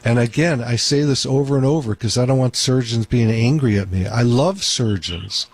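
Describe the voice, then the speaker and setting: A man's voice: mid-range voice, moderate pace, darkish tone, husky. A man hosting a call-in radio show as a doctor, talking in an emphatic, repetitive way. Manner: talkative, emphatic, repeats points.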